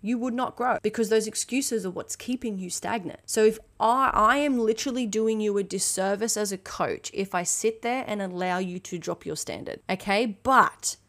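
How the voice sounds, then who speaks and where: A woman's voice: mid-range voice, normal speed, hardly any pauses, a bit bright. Blunt, emphatic woman coach talking. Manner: emphatic and blunt, swears freely, keeps checking in with "okay?". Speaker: fitness and mindset coach. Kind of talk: motivational solo podcast monologue.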